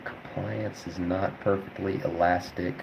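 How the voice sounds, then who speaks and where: A young man with a very low, deep voice talks casually as he studies, thinking out loud and wandering through his points with lots of ums and likes. A faint hiss of noise sits under the voice. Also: flat delivery, a little slow, gravelly. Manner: rambling, thinks aloud with many fillers. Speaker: veterinary student streamer. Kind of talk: casual study livestream, answering chat.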